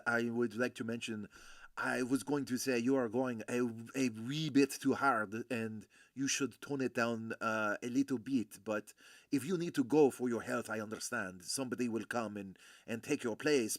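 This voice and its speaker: A man putting on the voice of an older French bar owner with a slow, low, mob-boss delivery. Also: no echo, studio quality, lightly acted.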